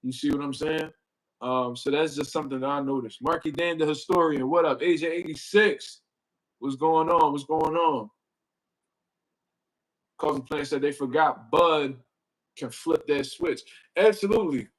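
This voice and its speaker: A man's voice: a little high, normal speed, poor audio. Slangy, profane man hosting a boxing stream. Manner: slangy, profane, rambling with fillers like "you know what I mean"; reads out and greets chat viewers. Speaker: boxing livestream host. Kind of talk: casual livestream commentary. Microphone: desk mic he moves closer.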